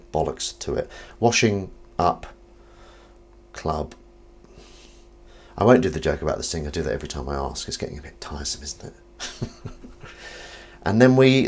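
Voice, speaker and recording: A man hosts a relaxed live stream, with a deep, low-pitched voice. He jokes with viewers all the way through, and his delivery is very animated, leaping from loud excited greetings to half-mumbled remarks to himself. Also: breathy edge. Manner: playful, jokey, swings between loud greetings and mumbled asides. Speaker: livestream host. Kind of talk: casual live-stream chat.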